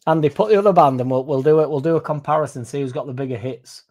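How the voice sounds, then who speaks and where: A man's voice: fairly high pitch, very fast, a little mellow. Blunt Yorkshire man chatting on a stream. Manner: blunt, sweary, rambling. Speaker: podcast host. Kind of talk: casual livestream chat.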